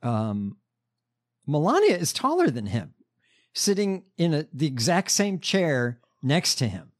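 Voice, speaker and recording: A man's voice: on the high side, wildly swooping pitch, measured pace. A man co-hosting a comedy podcast, reading news items with dry jokes and plenty of fillers. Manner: dry, hesitant, many fillers. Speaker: podcast co-host.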